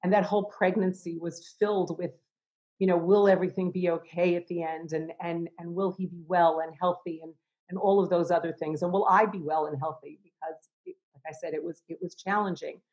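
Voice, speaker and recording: A middle-aged woman, an educator and chaplain, speaking reflectively in an interview, with many restarts and soft laughs. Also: on the low side, fairly even intonation, brisk, lo-fi sound.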